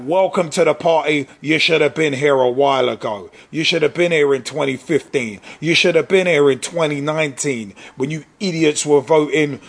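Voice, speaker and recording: A man's voice: on the high side, creaky. A man hosting a vlog, delivering an angry, profane and sarcastic political rant. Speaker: vlog host.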